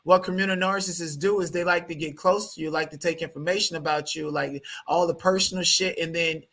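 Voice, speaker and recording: A man with a bright, fairly high voice, talking as a guest in a heated interview. He is animated and profane and circles back over the same words as he presses his point. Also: brisk. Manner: animated, profane, repeats words when worked up.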